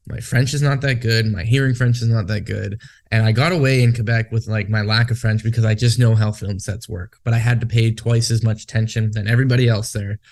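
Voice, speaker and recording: A man from Canada, talking in a casual podcast chat. He swears freely and rambles off on tangents. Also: lowish voice. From Western Canada. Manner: profane, rambling, goes off on tangents. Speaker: podcast co-host.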